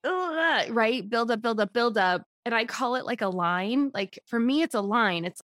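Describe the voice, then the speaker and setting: A woman's voice: a little high, expressive, a little slow, few pauses, a bit bright, no echo, clean studio sound. A woman hosting a podcast who asks her guest questions in a friendly, agreeable way. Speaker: podcast host. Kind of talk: podcast conversation.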